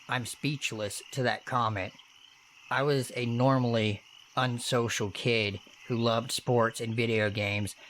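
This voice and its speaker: A man's voice: medium pitch, a little hiss or hum. Man narrating scary true stories. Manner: steady, earnest storytelling with casual swearing. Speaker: horror story narrator. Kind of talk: first-person horror story narration.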